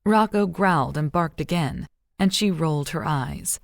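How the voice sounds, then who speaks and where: Measured audiobook narrator, woman with a low voice, recorded dry. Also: creaky, dry recording.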